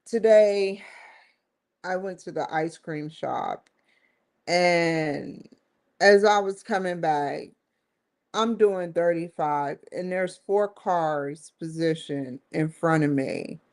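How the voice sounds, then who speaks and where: A woman's voice: fairly low pitch, takes it slowly, darkish tone. A woman hosting her own show, giving an emphatic, rambling opinion commentary that circles back and repeats points. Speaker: show host.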